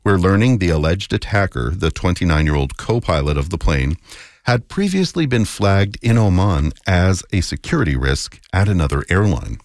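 A man reading the morning news on the radio in a measured, authoritative way. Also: sits low, very animated, no echo, studio quality. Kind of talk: newscast reading. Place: radio studio. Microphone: close studio mic.

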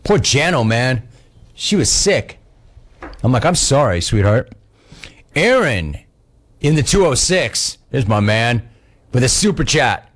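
A middle-aged man hosting a talk radio show, telling exasperated stories in a casual, animated way. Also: mid-range voice, measured pace, pauses often.

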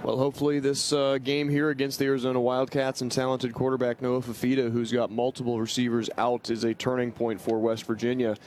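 Fast-talking male sports radio host. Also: medium pitch, level tone, a little mellow, a little hiss or hum. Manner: brisk, conversational. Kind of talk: pregame sports radio hosting.

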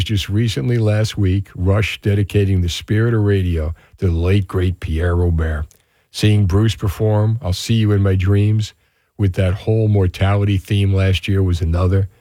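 A man's voice: low voice, dark tone, no echo. A man hosting a call-in radio show from a studio, chatting casually with callers and drifting into reflective musings. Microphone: studio microphone.

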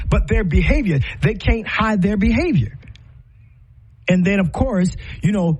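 A man's voice: high-pitched, darkish tone, slightly rough. A middle-aged man hosting a show, giving impassioned, preacher-like commentary full of rhetorical questions and repetition.

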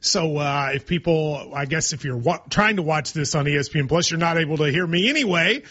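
A man's voice: a little high, animated, brisk, fairly bright tone, breathy edge. A man hosting a casual sports talk show, joking and rambling through asides, on slightly muffled audio. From Kentucky.

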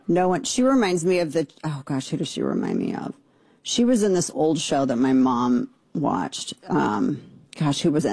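Woman, talk radio host, sarcastic, mocking, husky, dry studio sound. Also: low voice, dark tone, dry recording. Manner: sarcastic, mocking, rapid-fire commentary.

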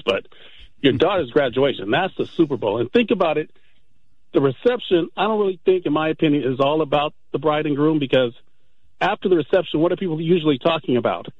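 A man's voice: on the high side, no room sound. A man calling a radio show, earnest and folksy, explaining with sports comparisons. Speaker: caller. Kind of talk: phone-in chat. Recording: tinny phone line.

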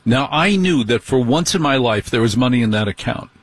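Man, host, husky, wry storytelling, mock indignation, dry recording. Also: mid-range voice, expressive, fairly quick, dry recording. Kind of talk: comic monologue.

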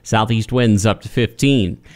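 A man reading a local radio weather report in a brisk, steady broadcast delivery on a studio microphone. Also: on the low side.

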